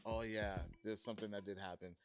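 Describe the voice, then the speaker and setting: A man's voice: fairly low pitch, little pitch movement, a little fast, soft background music. A man from Massachusetts reviewing a film in a loose, chatty way, full of fillers and restarts and plainly enthusiastic. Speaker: movie reviewer. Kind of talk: casual video review.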